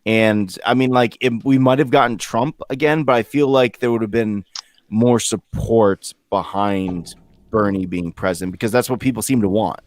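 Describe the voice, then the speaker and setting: A man's voice: on the low side, normal speed, no echo. A man co-hosting a casual chat show who talks in a crude, laid-back way and swears often. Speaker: podcast co-host.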